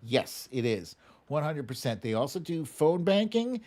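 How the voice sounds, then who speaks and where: A man hosting a live stream in casual chat, reading viewer comments aloud and answering them with quick asides and hums. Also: a little high. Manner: animated, frequent chuckles and filler hums. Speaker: livestream host.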